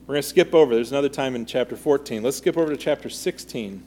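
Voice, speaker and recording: A man's voice: medium pitch, animated, fast talker, hardly any pauses, warm tone, a little hiss or hum. A man teaching a Bible study in a conversational way, reading scripture aloud and then asking the group questions.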